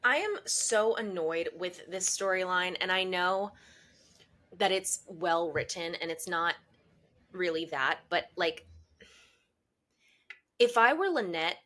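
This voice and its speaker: A woman's voice: lowish voice, takes it slowly, pauses often, bright, forceful tone. A young woman co-hosting a podcast, joking and teasing as she recaps a TV show. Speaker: podcast co-host. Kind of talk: casual chat recapping a TV show.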